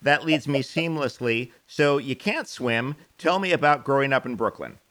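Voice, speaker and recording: A man from New York who hosts an interview, asking quick follow-up questions and joking with his guest. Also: medium pitch, lively intonation, fairly bright tone. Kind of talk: casual interview.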